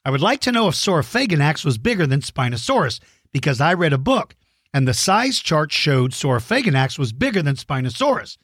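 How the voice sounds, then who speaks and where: This middle-aged dinosaur show host has a husky, a bit bright voice that runs a little high, with big pitch swings and a brisk pace. In friendly chat he answers kids' questions with simple, enthusiastic, encouraging explanations, recorded cleanly in the studio with no room sound.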